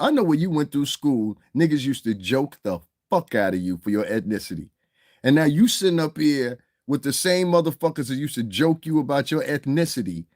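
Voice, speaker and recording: A man's voice: mid-range voice, expressive, moderate pace, darkish tone, no echo, clean studio sound. A middle-aged man ranting in heated, profane commentary, often asking "you understand what I'm saying". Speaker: commentary vlogger.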